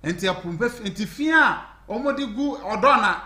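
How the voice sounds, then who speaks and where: A man's voice: high-pitched, a little slow. A Ghanaian man, a journalist, chatting casually and explaining at length in Twi mixed with English, with a Ghanaian accent. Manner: animated, laughing, explaining at length. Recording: roomy echo.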